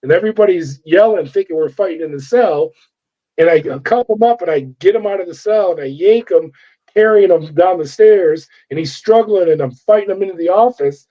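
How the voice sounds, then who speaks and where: A man's voice: high voice, brisk. A middle-aged man, a former corrections officer, telling a story in an interview and acting out the voices of the people in it. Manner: animated storyteller acting out dialogue. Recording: dull lo-fi sound.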